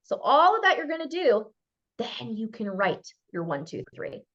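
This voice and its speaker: Woman, middle-aged, expert workshop speaker, higher voice, very lively pitch, muffled lo-fi call audio. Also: moderate pace. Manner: animated, acts out quotes. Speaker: expert speaker on brand messaging.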